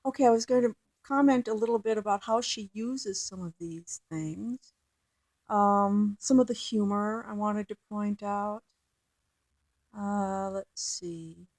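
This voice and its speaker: A woman's voice: medium pitch, steady tone, a little mellow, no room sound. A woman teaching poetry, reading a poem aloud and then explaining its meter with frequent fillers and restarts. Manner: slow, halting, with many fillers and restarts. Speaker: literature teacher. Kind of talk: recorded lecture with poem reading.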